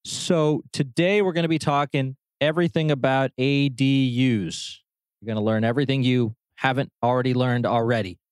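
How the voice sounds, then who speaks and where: A man hosting a podcast, friendly and a little halting as he introduces his guest. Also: mid-range voice, steady tone, clear, resonant tone, dry recording. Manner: friendly, slightly halting with fillers and restarts. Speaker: podcast host.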